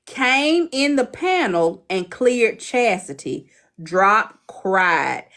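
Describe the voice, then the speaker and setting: A woman's voice: medium pitch, big pitch swings, a bit bright. A woman hosting a live stream, chatting casually and teasing her viewers. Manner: chatty, teasing, drawn-out asides.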